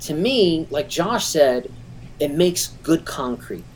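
Expert woman guest with a lower pitch, walks through the science with energy and plain examples. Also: slow, a little hiss or hum. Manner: animated, explanatory, uses everyday analogies. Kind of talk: technical explanation in conversation.

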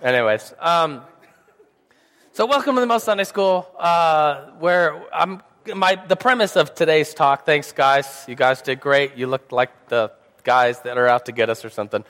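A man's voice: fairly high pitch, normal speed, fairly bright tone. A young man with a slight sore throat giving a casual church Sunday school talk, rambling and joking with lots of fillers. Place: church hall. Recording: reverberant hall.

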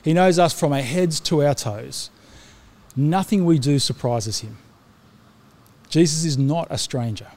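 A man's voice: on the high side, unhurried, pauses often, darkish tone. A middle-aged man delivers a sermon in a slightly raised speaking voice. He is earnest and conversational, circling back and restarting phrases with small fillers. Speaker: pastor.

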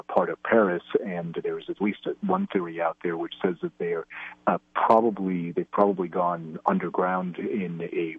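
A man's voice: deep voice, creaky, breathy edge, no room sound. A man giving analysis as an interview guest, talking hesitantly with lots of fillers and restarts. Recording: tinny phone line.

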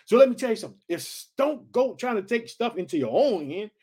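A man's voice: high voice, sing-song, brisk, mellow, husky. A man preaching a sermon on a scripture reading, emphatic, repeating exhortations and asking the listener questions.

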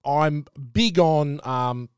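This middle-aged Australian man co-hosts a podcast, and his slightly high voice comes across very slowly with a clean tone in an echo-free studio. He tells a story in casual chat, growing animated, his voice jumping up as he gets worked up.

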